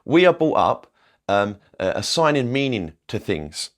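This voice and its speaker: A man's voice: medium pitch, big pitch swings, unhurried. A young man talks straight to the camera as a spiritual coach, in an everyday mid-range voice. He rambles and repeats himself, and keeps checking in with "okay?" and "right?". He swears casually as he goes. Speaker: manifestation coach.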